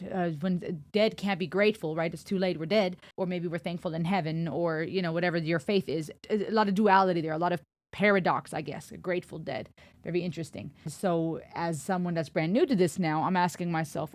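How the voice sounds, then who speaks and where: A woman's voice: fairly low pitch, brisk, darkish tone, no echo. A young woman hosting a reaction video, chatting casually and thinking aloud with musing asides.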